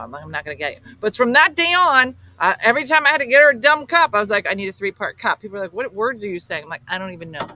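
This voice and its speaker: Funny woman from south jersey telling stories, acting out the voices, really animated ups and downs. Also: medium pitch, quick pace, a little hiss or hum, rough recording. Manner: animated, acts out quoted voices. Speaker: host. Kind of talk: casual comedic storytelling.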